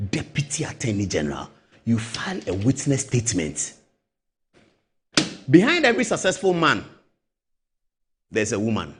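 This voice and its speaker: A man's voice: medium pitch, wildly swooping pitch, normal speed, pauses often, fairly bright tone, husky. A middle-aged Ghanaian man hosting a show, telling stories with heavy emphasis and acting out the voices of other people. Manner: storytelling, acts out voices, emphatic. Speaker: show host. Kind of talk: animated political commentary.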